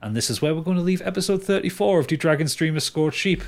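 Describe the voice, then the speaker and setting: Lively game master rambling. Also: male voice, fairly high pitch, quick pace. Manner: rambling, laughing, swears casually. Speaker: game master and podcast host. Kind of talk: casual podcast outro and plugs.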